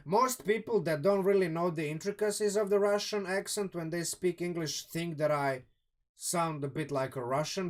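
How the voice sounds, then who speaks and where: Chatty Croatian man on a live stream. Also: on the high side. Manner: thinking aloud, many restarts and "um"s, chatty asides to viewers. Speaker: streamer reviewing a game sourcebook. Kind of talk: live-stream casual commentary.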